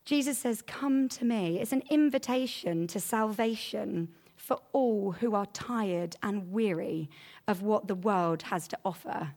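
A woman preaches a sermon in an earnest, conversational way, her medium-pitched voice at a measured pace. She becomes animated when she shares everyday examples.

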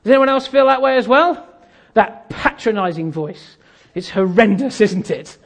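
A man's voice: sits high, moderate pace, vocal fry. A man giving a sermon as a pastor, telling a story and acting out the dialogue with self-deprecating humor while an audience laughs.

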